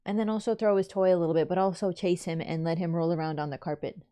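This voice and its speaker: A woman streamer chatting casually to her viewers and cooing to her cat in soft, doting baby talk. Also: on the low side, steady tone, fast. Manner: coos and baby-talks to her cat, drifting between soft and bright. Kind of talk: casual livestream chat.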